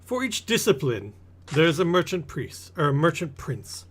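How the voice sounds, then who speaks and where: A man's voice: on the high side, very animated, moderate pace, breathy edge, pitched above the performer's own voice. A man voicing a haughty male merchant prince in a tabletop game, smug and pompous.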